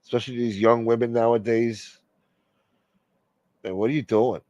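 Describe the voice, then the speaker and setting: A man's voice: medium pitch, fairly even intonation, normal speed, darkish tone, no room sound, dull audio. A man hosting a casual live-stream chat, rambling, profane and opinionated. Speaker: livestream host.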